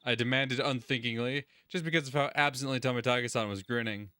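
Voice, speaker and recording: A man's voice: medium pitch, quick pace, pushed and bright, clear, resonant tone, dry recording. A man hosting a let's-play, reading game narration aloud and adding crude, sarcastic commentary.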